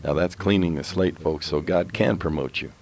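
A man with a very low voice, preaching as co-host of a faith program. He speaks straight to his listeners and urges them on in a firm, exhorting way. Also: moderate pace, a little mellow. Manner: exhorting, direct address to listeners. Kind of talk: preaching on a talk show.

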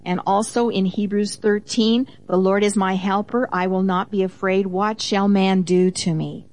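Co-hosting a Christian teaching show, a woman speaks at a normal pace in a steady, mid-range, darkish voice. She gives scripture readings strong emphasis, breaks them down in a chatty way, and chimes in with affirmations.

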